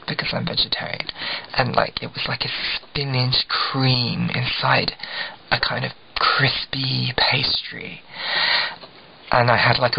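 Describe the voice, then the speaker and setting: A young man from England rambles casually to camera, self-deprecating and filler-heavy. His voice sits at a middling pitch with a gravelly edge. The recording is dull and lo-fi, with a faint hiss underneath. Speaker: video blogger.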